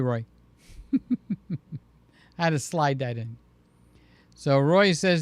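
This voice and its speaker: A man's voice: a little high, smooth, dry recording. A man hosting a casual live stream, chatty and jokey, acting out voices as he tells stories. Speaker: livestream host.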